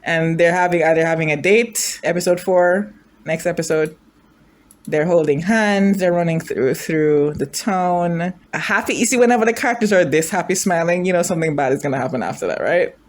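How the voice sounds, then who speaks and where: Speaking at a moderate pace with a fairly low pitch, a woman chats about a drama she's reacting to. Emotional and gushing, she muses aloud and keeps asking her viewers questions.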